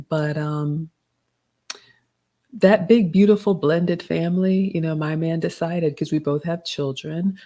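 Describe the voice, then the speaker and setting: A middle-aged woman, hosting a live Q&A, reading out chat comments and giving gentle advice in a casual tone. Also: sits low. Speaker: livestream host answering chat questions.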